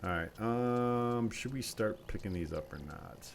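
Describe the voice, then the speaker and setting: A laid-back man with a somewhat low voice talks through a live stream of a logging game. He rambles and thinks aloud, chatting to his viewers between tasks. Faint chainsaw noise runs underneath his voice. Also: unhurried, creaky. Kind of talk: casual live-stream commentary.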